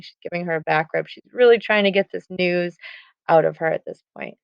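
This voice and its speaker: Young woman explaining a play scene all casual, lowish voice, dull dry recording. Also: fairly even intonation, a little fast, gravelly, clear, resonant tone, no room sound. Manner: casual retelling with many "like" and "um" fillers. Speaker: teacher. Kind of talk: casual lesson summary.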